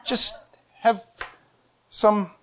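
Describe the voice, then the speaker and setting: A man preaching and telling a story with excitement. He laughs often and swings between quiet and loud. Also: sits high, drawn-out words. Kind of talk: animated storytelling sermon.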